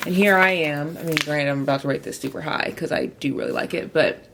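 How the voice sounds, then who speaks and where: A woman's voice: deep voice, brisk, vocal fry, fairly bright tone, echoey room. A young woman chatting casually to camera about books, rambling and filler-heavy. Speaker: book vlogger.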